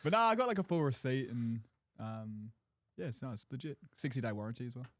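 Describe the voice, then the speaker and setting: A man's voice: mid-range voice, animated, brisk, no echo, studio quality. Hesitant young man. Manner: hesitant, filler-heavy replies. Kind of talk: casual live chat.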